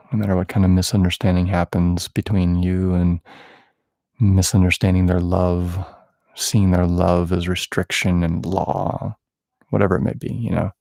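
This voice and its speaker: A man with a very low, gravelly voice offers an improvised prophetic prayer over a listener. He rambles affectionately and teases himself as he goes, and his voice sounds close and dry. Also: mellow, no echo. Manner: playful, affectionate, rambling and self-mocking. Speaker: spiritual podcast host.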